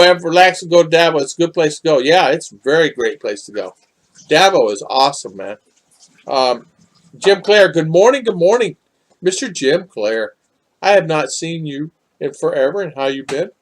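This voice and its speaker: An older man from the United States hosting a casual live chat, reading viewer comments and rambling with many repeats and fillers. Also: on the high side.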